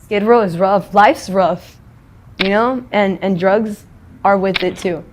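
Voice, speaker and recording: A woman's voice: mid-range voice, slow pace. Woman interviewee, rambling blunt talker who swears a lot, noisy street recording behind her.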